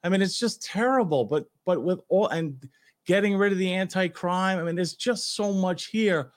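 High-pitched and at a moderate pace, this man speaks with a New York accent. Once a police officer, now retired, he co-hosts a talk show, offering strong opinions emphatically in casual conversation.

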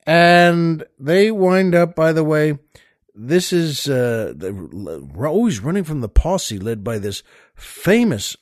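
An older man tells a story in a slow, unhurried drawl. He wanders off into little asides and fillers as he goes, and his voice sits a touch high for a man. The sound is close and dry, with no room around it. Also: darkish tone, no echo. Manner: rambling, folksy, many "well" and "by the way" asides. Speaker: podcast host. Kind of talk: casual storytelling monologue.

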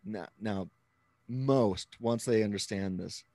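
Speaking slowly in a lowish, darkish voice on a dry recording, this man, a Christian author and apologist, walks through theological ideas as an interview guest. He frequently asks "right?" to check in and restarts as he builds each point.

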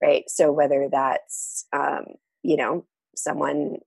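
A woman talking in a casual conversation, reflective and quick to laugh. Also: low-pitched, level tone, vocal fry, slightly rough, no room sound. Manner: warm, laughs often, reflective.

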